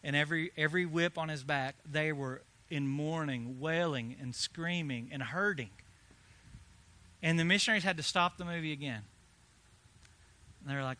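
Male pastor, high bright voice, lively sermon storyteller who drops quiet then builds loud. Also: normal speed, long pauses. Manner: animated, swings from hushed to loud.

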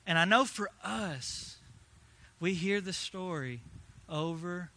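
Male pastor, high bright voice, lively sermon storyteller who drops quiet then builds loud. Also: takes it slowly. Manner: animated, swings from hushed to loud.

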